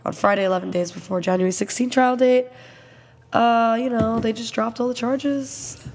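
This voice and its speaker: A woman co-hosting a crude casual chat, reading news aloud haltingly with fillers. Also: on the high side, fairly even intonation, big-room sound. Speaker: podcast co-host.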